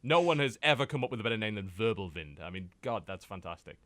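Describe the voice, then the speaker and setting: A British man hosting a casual podcast, talking about games in an animated, joking way and slipping into playful impressions. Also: lowish voice, dry recording. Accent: British English. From United Kingdom. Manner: animated, joking, quick to mimic and exaggerate. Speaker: podcast host. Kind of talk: casual chat.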